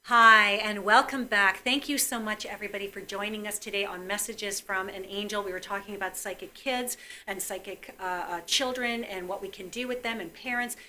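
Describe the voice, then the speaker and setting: A woman's voice: medium pitch, fairly even intonation, moderate pace, few pauses, pushed and bright. A woman hosting a psychic call-in show, talking casually to viewers and acting out dialogue as she tells a family story.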